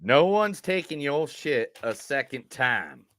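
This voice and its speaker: A man putting on a Southern accent to play assorted rough small-town movie characters, drawling his line readings. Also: fairly high pitch, sing-song, slow, a bit bright, no echo, clean studio sound, voice pushed up, full character voice. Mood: brash. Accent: Southern US put-on.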